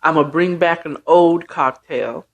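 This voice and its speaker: A woman hosting a show and casually retelling a book chapter, chatty with many asides. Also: low voice. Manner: slow, chatty, full of asides. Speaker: host. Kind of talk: casual storytelling recap.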